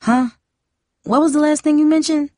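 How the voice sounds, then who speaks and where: In a storybook reading, a woman voices a playful, teasing teenage girl, raising her pitch above her own natural register into a high voice. Her intonation is fairly even, the pace moderate and the tone darkish yet natural. The recording is dry and clean, studio quality.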